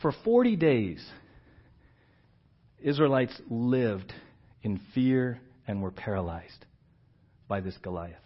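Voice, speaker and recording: A man's voice: medium pitch, big pitch swings, takes it slowly, pauses often, husky. A middle-aged man preaching a sermon in a conversational way, often checking in with "right?" and acting out quotes, in a slightly muffled recording. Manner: conversational, keeps asking "right?"; acts out quoted characters with big swings in loudness. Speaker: pastor.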